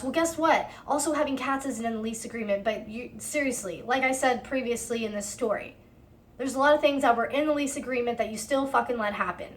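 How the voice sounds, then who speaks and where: Twenty-something girl ranting through a storytime vlog, cussing nonstop, kinda high voice, acts out the fights. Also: fast. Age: 20s. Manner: heated, profane storytelling; acts out her own side of arguments. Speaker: storytime vlogger. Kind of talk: casual storytime narration.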